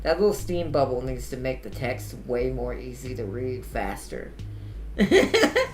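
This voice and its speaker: A man's voice: mid-range voice, huge pitch swings, measured pace, faint music behind. A man giving casual gameplay commentary as a streamer, chatty and laughing often while he reads game dialogue aloud. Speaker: let's play streamer. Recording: echoey room.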